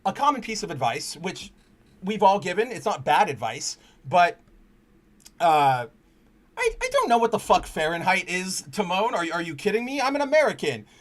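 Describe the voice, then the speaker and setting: Guy with a fairly high voice hosting a comics stream, loose and rambly, cussing, gets earnest. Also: huge pitch swings, moderate pace, fairly bright tone. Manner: rambling, restarts often, swears freely; earnest and candid when personal. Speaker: podcast host. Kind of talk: casual comic book chat stream.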